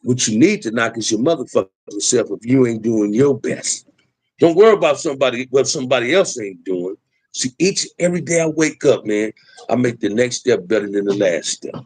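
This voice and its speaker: A man's voice: medium pitch, lively intonation, a little fast, darkish tone, breathy edge, no room sound, low-quality recording. A middle-aged man, talking emphatically in a preachy street style as host of a livestream. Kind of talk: impassioned livestream talk.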